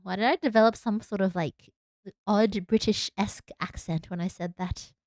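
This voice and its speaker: A young Australian woman keeps her stream company while drawing, chatty and giggly and happy to mock herself. Her mid-range voice is steady and slightly mellow at normal speed, with no echo and a clean studio sound.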